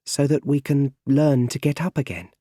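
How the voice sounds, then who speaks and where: A man voicing a calm, patient family butler for an audiobook. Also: medium pitch, moderate pace, no echo, clean studio sound, pitched above the performer's own voice, close to an everyday voice. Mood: gentle. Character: gentle loyal male family butler. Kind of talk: audiobook character reading.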